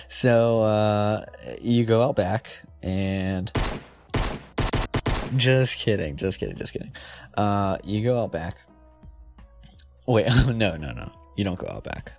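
A man's voice: on the low side, expressive, slow pace, long pauses, darkish tone, faint music behind. A man hosting a comedy show, rambling playfully, giggling and correcting himself as he goes. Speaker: comedy podcast host.

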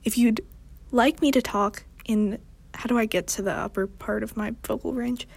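A young woman hosting a show, talking in a rambling, casual monologue with strong vocal fry and deadpan, self-mocking humor. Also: fairly high pitch, moderate pace. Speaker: podcast host.

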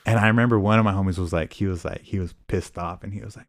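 A man's voice: low voice, fairly even intonation, quick pace, no room sound. Young man, casual podcast storyteller, profane and laid-back, dry close sound.

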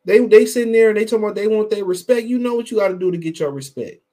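A boxing podcast host with a high, dark-toned voice races through his words while saying hello to viewers in the live chat. He swears a lot, gets heated, and hammers his points home by repeating them.

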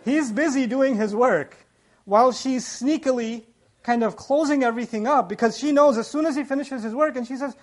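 A man's voice: very high voice, a little fast. A man giving a nightly sermon, telling the story with animation, acting out the dialogue and explaining what words mean. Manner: explains word meanings in detail. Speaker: preacher.

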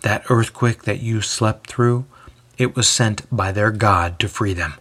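Brief: big, awed jailer, read by a male narrator, low, husky, hushed and halting. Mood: earnest.

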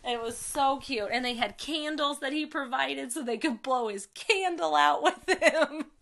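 A woman's voice: high voice, measured pace, creaky, a bit bright. A woman in her thirties chatting casually as a podcast co-host, enthusiastic and full of fillers. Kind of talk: casual chat.

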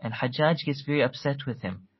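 A man giving a storytelling religious lecture, earnest, quickly reciting Arabic quotations between his explanations. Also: medium pitch, husky, lo-fi sound. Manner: earnest, tells stories, quotes Arabic quickly.

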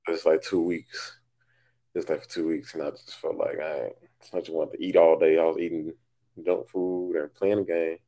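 A man's voice: a bass voice, little pitch movement, normal speed, dark tone. A man talking casually on a phone call, laid-back and brief.

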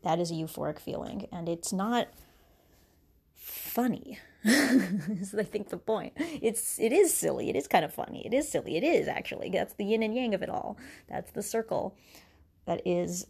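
A woman's voice: medium pitch, animated, measured pace, creaky, pauses often, a little mellow, slightly rough. A woman hosting a podcast, musing aloud about spirituality in a rambling, casual way, often laughing between thoughts and restarting her sentences. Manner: rambling, wandering with many restarts and fillers. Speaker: podcast host.

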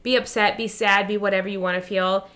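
A woman's voice: mid-range voice, steady tone, brisk, a bit bright. A young adult woman co-hosting a podcast, rambling and self-mocking in casual chat, laughing often. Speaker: podcast co-host.

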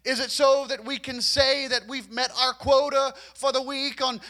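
A man's voice: very high voice, little pitch movement, normal speed, bright, forceful tone. A man preaching a sermon to his congregation in a church. He urges them on, repeats himself and stammers over restarts. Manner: repetitive, urging, stammers on restarts.

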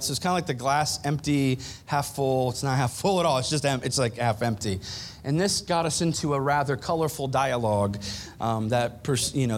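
A man preaching a sermon in a church, easygoing and humorous, talking to the congregation as if in conversation. His voice sits a little high for a man. A faint rumble runs under the recording. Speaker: pastor.

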